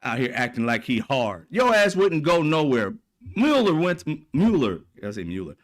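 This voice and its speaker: A man's voice: mid-range voice, big pitch swings, moderate pace. A man delivering a heated, profane political rant, mocking and blunt. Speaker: political commentator. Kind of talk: ranting monologue.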